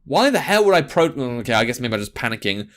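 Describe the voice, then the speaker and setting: A man's voice: mid-range voice, sing-song, fast talker. A young man reading a visual novel aloud and adding jokey, sarcastic asides. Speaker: gaming video host.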